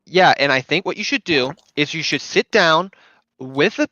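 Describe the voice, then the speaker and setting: A man presses his Christian arguments in a heated online voice debate, insistent and quick to repeat himself over others. His voice is bright and tense. The mic sounds dull and lo-fi, dry with no room around it. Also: a little high, animated, no room sound.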